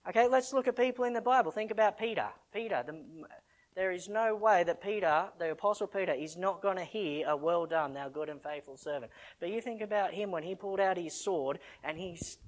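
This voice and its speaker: A man preaching a conversational sermon as a missionary, asking the congregation rhetorical questions and swinging between loud and soft. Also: sits high, a little fast.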